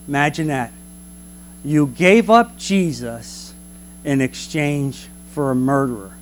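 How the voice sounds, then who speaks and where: A man teaching a Bible class in an animated preaching manner, full of rhetorical questions. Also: on the high side, slow.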